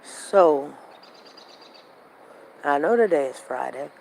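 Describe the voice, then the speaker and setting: A woman hosting a casual show, telling a family story in a repetitive, animated, conversational way while walking outdoors. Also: sits low, slow pace, vocal fry, a little hiss or hum, low-quality recording. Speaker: show host. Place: walking outdoors near traffic.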